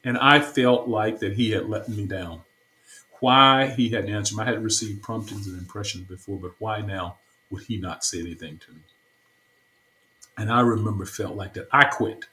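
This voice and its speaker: Man, low voice, earnest testimony, repeats himself, interview guest. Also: fairly bright tone, low-quality recording. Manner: earnest, repetitive storytelling. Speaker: stake president, interview guest.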